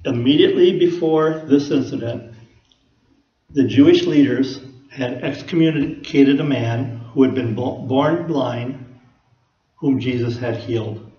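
A man preaching a sermon in a folksy, conversational way, often asking the listeners rhetorical questions. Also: medium pitch. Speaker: pastor. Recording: echoey room, dull lo-fi sound.

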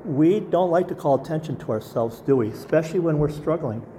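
Earnest male pastor, mellow voice. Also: on the high side, expressive, fairly quick, a little hiss or hum. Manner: earnest, asks the congregation rhetorical questions. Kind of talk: sermon.

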